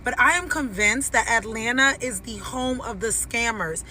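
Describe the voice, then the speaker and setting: Woman, high voice, bright tone, animated storyteller, acts out dialogue. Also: normal speed. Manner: animated, dramatic, quotes people in dialogue. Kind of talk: storytelling rant to camera.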